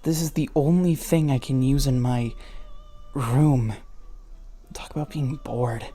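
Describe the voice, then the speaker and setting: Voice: mid-range voice, steady tone, unhurried, pauses often, warm tone, husky, faint music behind. A reader reading fan fiction aloud and stopping often to mock the writing with sarcastic, swearing asides. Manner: sarcastic, swears, laughs at the text. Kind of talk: mocking read-aloud commentary.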